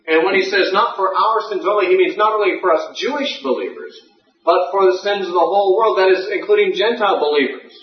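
Guy teaching a bible class, kinda high voice, far from the mic in an echoey room. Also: fairly quick, slight background noise. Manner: thinking aloud with fillers, precise. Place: classroom or lecture hall. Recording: far-off, echoey, muffled lecture recording.

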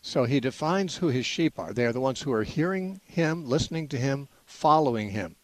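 Guy hosting bible call-in radio, dry close mic, steady mid voice, lots of uh's. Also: medium pitch, no room sound. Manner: measured, explanatory, frequent "uh" restarts. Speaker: radio Bible-answer host.

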